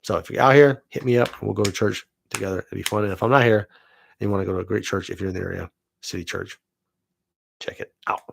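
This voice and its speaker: Brief: forties male vlog host, gravelly low voice, relaxed enthusiastic chat, salty language. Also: rapid-fire. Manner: loose and enthusiastic, swears freely. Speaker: vlog host, film student. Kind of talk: casual rambling chat.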